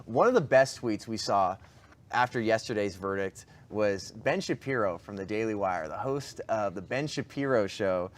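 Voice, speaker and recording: A man's voice: fairly low pitch, lively intonation, moderate pace. Chatty male talk show host. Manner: chatty, laughs often, repeats words. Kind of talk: casual political chat. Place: studio.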